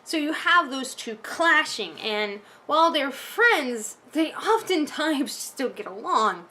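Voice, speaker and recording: A woman's voice: sits high, big pitch swings, slow pace, pushed and bright. A woman vlogging from home, ranting casually with lots of restarts and fillers. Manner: rambling, frustrated, many restarts and fillers.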